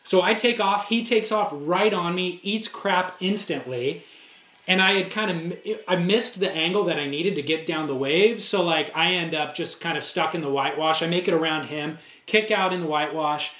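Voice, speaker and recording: A man with a high voice tells a story on a podcast, with lively, animated delivery. He acts out the dialogue himself in casual chat. The room around him sounds echoey. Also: normal speed. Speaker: podcast co-host.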